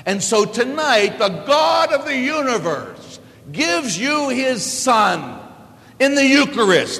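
High-voiced priest preaching in a hall. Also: male voice, big pitch swings, a little slow. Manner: storytelling homily, big swings from low asides to loud exclamations. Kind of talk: sermon. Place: church.

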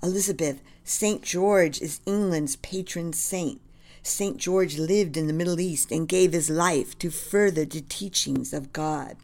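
Brief: a proud, formal British officer from a storybook, voiced by a woman with a low, gravelly tone. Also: measured pace, a little mellow. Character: proud British general, formal and romantic, man.

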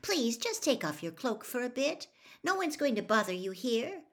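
A woman's voice: fairly high pitch, sing-song, moderate pace, voice pushed up. A woman voicing an impatient, bossy teenage schoolgirl in an audiobook reading. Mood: pleading. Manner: impatient, snappish.

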